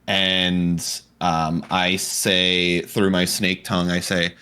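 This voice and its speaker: A man's voice: deep voice, level tone, takes it slowly, sharp tone, clear, resonant tone. A man playing a tabletop game, playful and hesitant, stumbling over words. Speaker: player.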